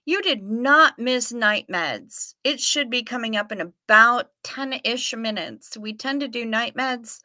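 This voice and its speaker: Minnesota lady hosting a livestream, bright forceful voice, dry close sound, easygoing and unhurried. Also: a little high, lively intonation, dry recording. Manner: chatty, playful, reads viewer comments aloud. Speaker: livestream host. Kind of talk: casual chat reading live comments.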